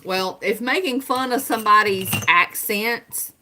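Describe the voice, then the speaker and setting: A woman's voice: medium pitch, a little slow, sharp tone, a little hiss or hum. A woman with a Southern US accent, chatting casually with viewers on her livestream and answering their comments. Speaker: livestream host.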